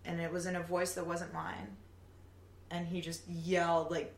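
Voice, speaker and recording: A woman telling her own stories in an animated way, swearing now and then, in a casual group chat. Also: on the low side, moderate pace, gravelly. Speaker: guest. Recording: echoey room, faint background noise.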